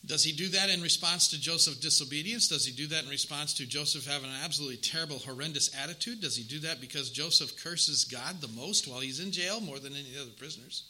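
A male preacher delivers a sermon in a strikingly bright, somewhat high voice. He speaks earnestly and emphatically, repeating words to hammer them home and lifting his voice on the phrases that matter. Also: quick pace, few pauses, rough recording. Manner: earnest, emphatic, with repetitions and rising stresses.

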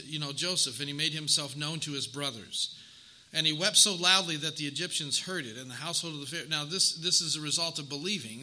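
A man's voice: a little high, bright, forceful tone, poor audio. A man preaching a sermon, earnest and emphatic, repeating words for weight and lifting his voice on key phrases. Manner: earnest, emphatic, with repetitions and rising stresses.

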